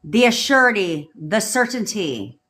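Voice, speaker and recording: A woman's voice: mid-range voice, very animated, unhurried, fairly bright tone. Blunt, profane woman coaching on a livestream. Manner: blunt, profane, commanding, repeats affirmations. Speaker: manifestation coach.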